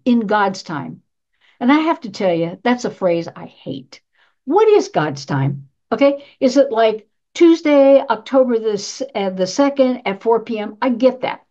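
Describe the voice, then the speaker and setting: A woman's voice: mid-range voice, darkish tone, dull audio. A woman minister giving a sermon in a conversational style, asking rhetorical questions and repeating her key phrases for emphasis. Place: church sanctuary.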